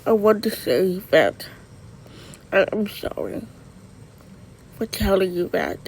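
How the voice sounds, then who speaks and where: A performer voicing a remorseful father who apologizes to his son, speaking in a halting, earnest, pleading way. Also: mid-range voice, wildly swooping pitch, creaky, slight background noise, exaggerated voice, rough recording. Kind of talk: amateur dramatic dialogue.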